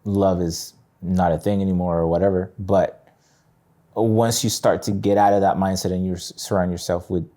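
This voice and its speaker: A man's voice: sits low, steady tone, moderate pace, dark tone. A young adult man chatting as a podcast guest in a laid-back way, saying "bro" and "man" often. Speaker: guest musician. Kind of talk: casual chat.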